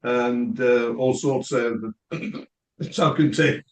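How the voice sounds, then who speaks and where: A man speaking haltingly, pausing and reaching for words as he shares news. His voice sits in an echoey room that rings around him. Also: mid-range voice. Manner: halting, hesitant, with pauses and fillers. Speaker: guest on a chat call. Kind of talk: casual chat.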